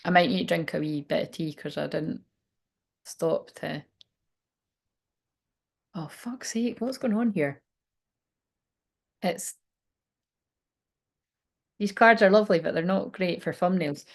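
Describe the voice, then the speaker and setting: A woman's voice: lowish voice, slow, gravelly, long pauses. A woman giving a rambling, casual tarot reading to camera at home, swearing now and then. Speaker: tarot reader. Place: indoors at home by a window.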